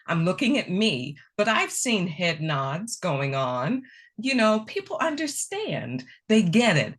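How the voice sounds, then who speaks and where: Low, lively-pitched woman presenter. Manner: conversational, animated pitch, repeats key phrases. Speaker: workshop presenter. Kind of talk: online workshop Q&A answer. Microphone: video call.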